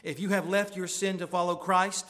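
A man's voice: high-pitched, flat delivery, normal speed, sharp tone. Man preaching an earnest sermon. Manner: earnest preaching with emphatic rising questions. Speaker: pastor.

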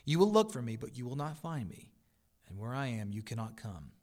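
A man reading the words of Jesus aloud as a calm, firm teacher, solemn and deliberate. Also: medium pitch, close to an everyday voice.

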